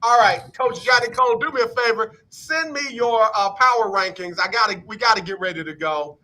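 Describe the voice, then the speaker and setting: Radio sports host, man, upbeat and brisk, high and bright in tone. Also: poor audio. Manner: brisk, upbeat, calls on guests by name. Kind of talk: casual radio sports chat.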